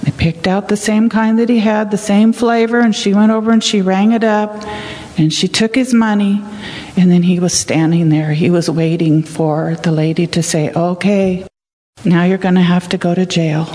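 A woman's voice: medium pitch, little pitch movement, moderate pace, mellow. An older woman telling a story as a children's sermon, asking the children questions as she goes. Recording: echoey hall.

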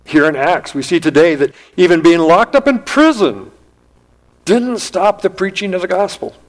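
A man's voice: sits high, animated, normal speed, low-quality recording. Earnest preacher man with a raised voice. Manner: earnest, emphatic preaching that rises and drops. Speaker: pastor. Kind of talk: sermon.

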